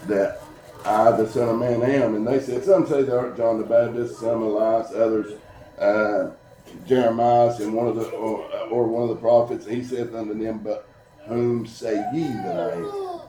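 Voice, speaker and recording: A man preaching an earnest sermon at a church service, telling stories and slowing down to read scripture. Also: on the low side, level tone, mellow. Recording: echoey church room with music behind.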